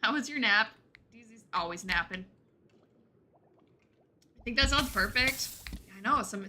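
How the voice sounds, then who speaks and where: Super bright woman streamer, chatty, answering chat while she plays, faint keyboard clicks behind. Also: on the high side, animated, a little slow, pauses often, slight background noise. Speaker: gaming streamer. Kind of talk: casual livestream chat.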